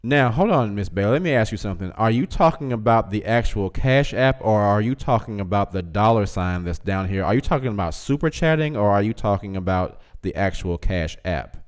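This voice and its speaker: A man's voice: lowish voice, lively intonation, fairly quick, hardly any pauses, clear, resonant tone. A man hosting a casual livestream, reading chat comments aloud, teasing viewers and laughing often.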